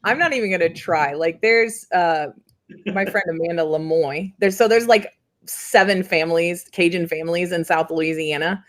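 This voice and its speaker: A woman from central Indiana hosting a casual chat, rambling and giggly, with plenty of filler words. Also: fairly low pitch. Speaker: host.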